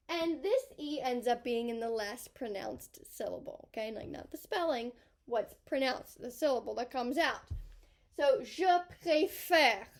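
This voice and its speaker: A woman high school French teacher giving a recorded grammar tutorial, patiently explaining step by step as she points at a table.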